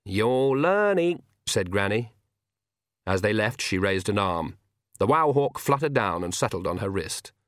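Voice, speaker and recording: A man's voice: on the low side, moderate pace, fairly bright tone, dry recording. A man narrating a comic fantasy novel with dry, wry storytelling. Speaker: audiobook narrator. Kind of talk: scripted narration.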